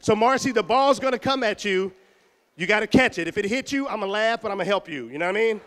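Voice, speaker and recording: Man from houston, high voice, loud teasing school-assembly entertainer. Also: expressive, fast, noisy background. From Houston, Texas. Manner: loud, teasing, calls out to the audience. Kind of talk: joking live show banter with a crowd. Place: middle school gym or auditorium.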